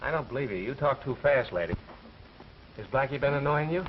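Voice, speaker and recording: A man's voice: medium pitch, lively intonation, brisk, a little hiss or hum, natural voice. A man playing a wisecracking reporter. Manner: breezy, wisecracking banter. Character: wisecracking young male college reporter. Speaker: newspaper reporter. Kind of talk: 1930s film acting. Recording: dull, lo-fi old film soundtrack.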